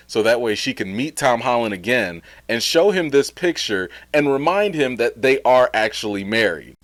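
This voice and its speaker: A man's voice: mid-range voice, no room sound. A father and vlogger giving an upbeat, chatty voice-over for his video, recorded on a close mic. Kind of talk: casual vlog voice-over.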